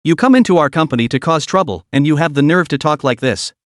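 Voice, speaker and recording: A man's voice: on the high side, lively intonation, quick pace, dry recording, clean studio sound, lightly acted. A man voicing an arrogant company boss in a storybook recap, sneering and barking threats. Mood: furious.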